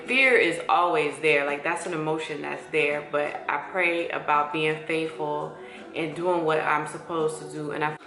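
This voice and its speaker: A woman speaks in a casual, heartfelt, chatty vlog voice, excited as she talks to viewers. Her voice sits a little low for a woman. The sound bounces around an echoey room, with faint music underneath. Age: 40s. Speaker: esthetician. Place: her empty new salon studio.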